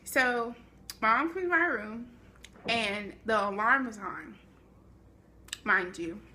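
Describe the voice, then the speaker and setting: A young woman vlogging a storytime, animated and chatty with dramatic asides, speaking to a camera at home. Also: fairly high pitch, takes it slowly. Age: young adult. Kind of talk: storytime vlog.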